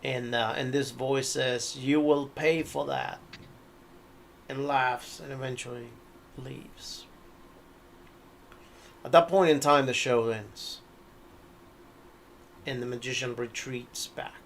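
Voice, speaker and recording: Slow gravelly man narrating as game master. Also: mid-range voice, steady tone, fairly bright tone, slight background noise. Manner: slow, hesitant storytelling. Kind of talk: narrating a tabletop horror game.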